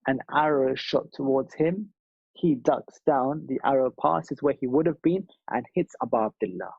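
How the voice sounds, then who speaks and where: A man's voice: mid-range voice, moderate pace, vocal fry, husky, dry recording, lo-fi sound. A man delivering a sermon at a mourning gathering, speaking earnestly with rhythmic repetition. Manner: earnest, rhythmic, repeats phrases for emphasis.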